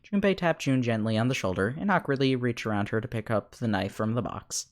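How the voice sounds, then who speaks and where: A man's voice: medium pitch, expressive, brisk, soft background music. Giggly male streamer reading game text. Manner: giggly, chatty, reads the game text aloud. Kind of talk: casual live-stream commentary and reading aloud.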